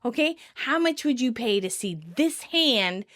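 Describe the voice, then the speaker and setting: A woman putting on the voice of an excitable young man who is full of big schemes and shouts his lines. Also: fairly high pitch, a little slow. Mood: excited. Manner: eager, shouting.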